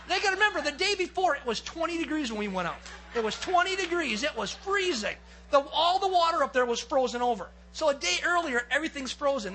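Bright, high-voiced pastor telling a story. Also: male voice, low-quality recording. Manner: lively storyteller, acts out quotes and gets excited. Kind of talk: sermon with a personal hunting story.

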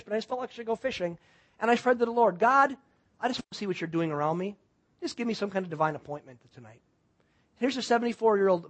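High-voiced male pastor telling a story. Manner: swings from loud excited storytelling to hushed quiet intensity. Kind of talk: sermon storytelling.

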